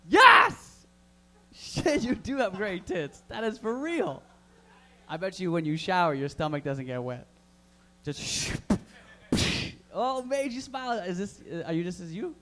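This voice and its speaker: A man with a high-pitched voice working the crowd at a live open mic. His stand-up is crude and loud, full of hyped banter thrown straight at the audience. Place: live comedy room in a vapor lounge.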